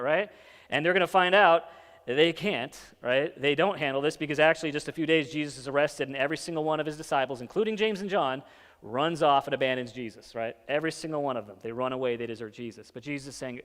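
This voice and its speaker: A man's voice: fairly high pitch, fairly bright tone, in a large hall. A man preaching a sermon in a casual, conversational way, often checking in with his listeners and briefly acting out the lines of the people in the story. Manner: conversational, keeps checking in with "right?" and "okay?"; acts out the disciples' lines in quick asides. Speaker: pastor. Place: church hall.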